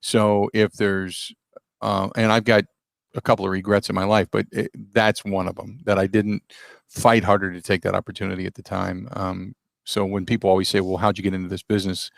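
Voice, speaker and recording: A middle-aged man, a radio host, telling a story in a casual, animated, self-deprecating way with a gravelly voice. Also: deep voice, brisk, dry recording.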